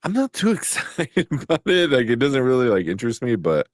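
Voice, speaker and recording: A man co-hosting a casual show chat, animated, laughing often and restarting his sentences. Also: medium pitch, brisk, no echo, clean studio sound. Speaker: co-host.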